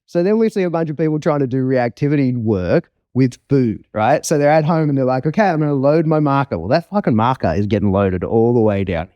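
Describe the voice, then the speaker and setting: Profane, animated male dog trainer. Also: medium pitch, fairly quick, few pauses, no room sound, highs cut off. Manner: animated, profane, acts out scenes. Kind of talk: casual conversational explanation.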